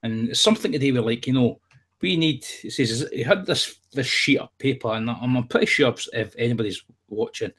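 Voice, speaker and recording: A man's voice: medium pitch, brisk, few pauses, a bit bright, husky. A man rambling in casual chat, swearing freely and telling jokey stories. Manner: rambling, profane, jokey storytelling.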